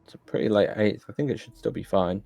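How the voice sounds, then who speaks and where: A man giving relaxed, chatty live commentary on a speedrun race, with dry humor. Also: on the low side, quick pace, vocal fry.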